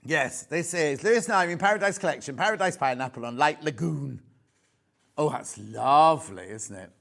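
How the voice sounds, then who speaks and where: A Yorkshire man fronts a live shopping broadcast, gushing over each item and wandering off into chatty asides. His voice sits a little on the high side. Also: expressive, normal speed, vocal fry, fairly bright tone. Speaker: shopping channel presenter. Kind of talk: live sales chat. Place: TV studio.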